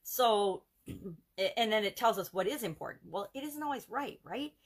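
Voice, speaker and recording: A woman's voice: medium pitch, lively intonation, measured pace. A woman hosting a live coaching video, talking earnestly and casually and running through examples in rhythmic lists. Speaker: self-help challenge coach.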